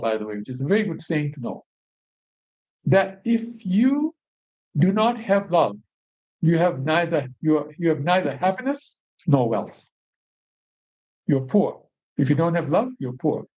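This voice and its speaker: A man's voice: on the high side, darkish tone. A man leading a devotional group, reading verses aloud and explaining them line by line, often checking in with his listeners. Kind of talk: scripture reading with commentary. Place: bridal shop meeting space. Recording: dull lo-fi recording.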